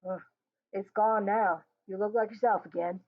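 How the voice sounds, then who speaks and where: A woman's voice: medium pitch, steady tone, normal speed, close to an everyday voice. A woman voicing a restless young husband who teases and needles his wife. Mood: wry. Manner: wry, needling. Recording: tinny phone-like sound.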